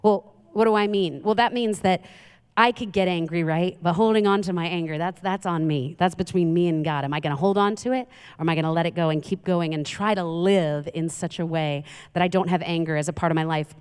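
A woman's voice: fairly low pitch, fairly quick, a little mellow, clean tone. A woman in her thirties giving a conversational sermon as a pastor, often asking the audience questions. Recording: reverberant hall.

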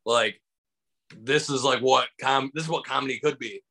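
With a loud crowd audible in a rough recording, a Michigan, USA comedian tells rambling, filler-packed stories over a video call, acting out quotes as an interview guest. His medium-pitched voice holds fairly even intonation at a moderate pace.

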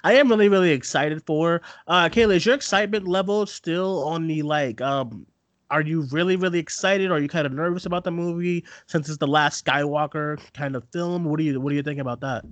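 Chatty man with a slightly high voice. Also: a little fast, no room sound. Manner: rambling, many restarts, animated retelling. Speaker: podcast co-host. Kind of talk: casual live podcast chat.

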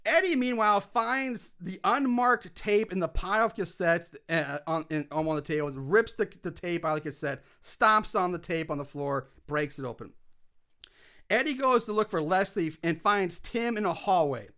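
A man's voice: sits high, moderate pace, clean tone. A man casually recapping a film's plot on a podcast, acting out the characters' lines as he goes, with lots of "like". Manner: animated storytelling, acts out characters' lines, lots of "like". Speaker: podcast co-host recapping a film. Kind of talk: casual movie recap chat.

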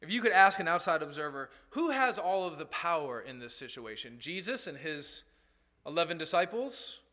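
Bright, bouncy preaching man. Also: fairly high pitch, big pitch swings, normal speed. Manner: conversational preaching with rhetorical questions. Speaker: pastor. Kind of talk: sermon.

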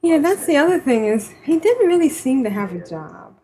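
A woman's voice: high voice, big pitch swings, normal speed, warm tone, low-quality recording. A woman co-hosting a podcast, chatting casually and often restarting her sentences mid-thought. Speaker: podcast co-host. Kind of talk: casual chat.

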